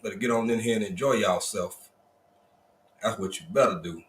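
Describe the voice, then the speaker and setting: A livestream host with a lowish, somewhat bright voice greets viewers one by one at a moderate pace, folksy and easygoing in a drawling Southern Black vernacular. His greetings repeat, and the sound is reverberant with a little hiss or hum.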